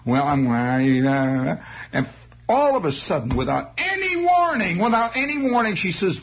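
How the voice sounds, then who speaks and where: A man's voice: medium pitch, wildly swooping pitch, measured pace, vocal fry. A man telling a comic childhood story in a rambling, digressive way with wry asides. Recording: dull lo-fi recording.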